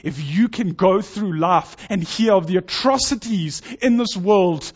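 Earnest high-voiced preacher, dull lo-fi sound. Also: male voice, unhurried, breathy edge. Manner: earnest, urging, builds in intensity. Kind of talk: sermon.

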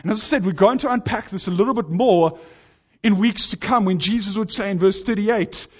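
Earnest high-voiced preacher, dull lo-fi sound. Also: male voice, brisk, breathy edge. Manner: earnest, urging, builds in intensity. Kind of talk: sermon.

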